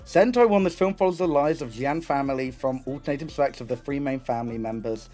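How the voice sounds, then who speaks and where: A young man chatting casually on a live stream, excitable and rambling, swearing often and restarting his sentences. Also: medium pitch, quick pace, soft background music.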